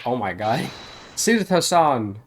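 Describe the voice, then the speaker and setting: A man's voice: mid-range voice, measured pace, a bit bright, soft background music. A man giving amused, laughing commentary while streaming a game. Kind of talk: let's play commentary.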